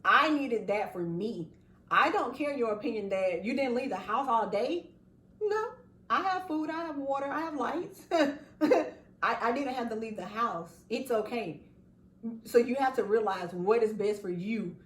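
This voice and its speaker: Woman host, lively chatty delivery, high-ish voice, recorded far off in an echoey room. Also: a little slow. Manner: animated, laughing, acts out quotes. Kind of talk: casual chat.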